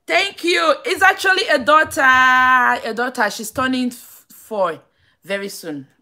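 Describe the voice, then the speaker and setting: A woman with a Nigerian accent telling a story on a live stream, animated and repetitive, stopping to greet viewers by name. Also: high-pitched, a little slow. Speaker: vlogger.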